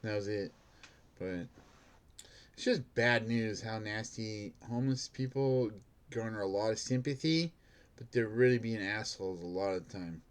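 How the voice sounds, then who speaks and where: A man's voice: on the low side, moderate pace. A man who works as a bank security guard, telling a rambling story in a casual monologue, filled with "like" and laughing at himself.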